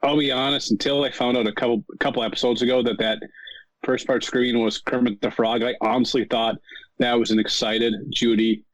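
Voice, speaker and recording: A man guesting on a podcast, talking in a friendly way with many pauses and fillers. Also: mid-range voice, little pitch movement, no room sound, rough recording. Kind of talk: casual podcast chat.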